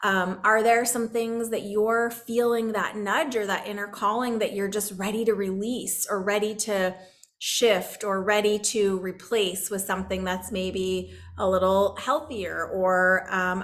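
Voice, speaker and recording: A middle-aged woman, an energy healer, speaking gently and chattily to a group over a video call, then leading a calm guided meditation. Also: mid-range voice. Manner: gentle, soothing and chatty, laughs easily. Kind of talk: guided healing talk and meditation.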